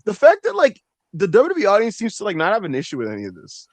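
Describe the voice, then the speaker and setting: A man's voice: high-pitched, huge pitch swings, fast, dry recording, rough recording. A man ranting animatedly on a casual wrestling podcast, swearing and mocking the people who doubted him. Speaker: podcast co-host.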